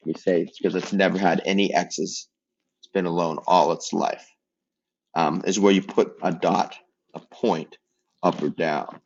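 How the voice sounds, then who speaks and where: Low raspy guy walking through math steps, cracking little jokes, kinda muffled recording. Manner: relaxed, joking asides while working problems. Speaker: math teacher. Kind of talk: casual math lesson.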